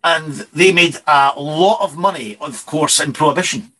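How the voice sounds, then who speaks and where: Bright-voiced rambling male whisky host. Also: a little high, moderate pace, poor audio. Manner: rambling, self-correcting storyteller. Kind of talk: casual radio chat.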